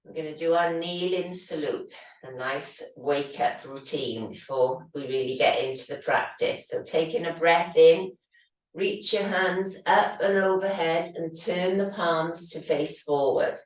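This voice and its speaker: Calm, steady breathing instructions come from a woman teaching yoga, her voice low, slow, and faintly hoarse as if worn out. The sound is quite echoey, recorded at some distance from the microphone.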